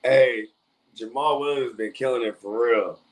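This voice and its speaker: A man's voice: medium pitch, normal speed. A young man co-hosting a fantasy football stream, bantering in a joking, slangy way. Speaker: stream co-host. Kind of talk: casual stream chat.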